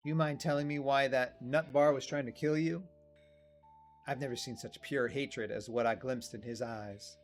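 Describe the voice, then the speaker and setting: A man's voice: medium pitch, fairly even intonation, moderate pace, soft background music, close to an everyday voice. A man voicing a curious, forward young woman from a video game, reading her lines in a chatty, eager manner.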